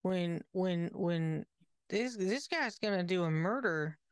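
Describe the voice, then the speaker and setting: A woman playing a tabletop game, halting and repeating her words. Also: lowish voice, expressive, clear, resonant tone, no echo, studio quality. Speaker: player. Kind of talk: casual tabletop game play.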